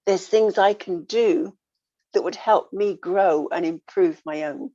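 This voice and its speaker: A woman talking earnestly in a casual reflective way, coaching gently and repeating her phrases. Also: on the low side, takes it slowly, no room sound. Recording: dull lo-fi dry sound.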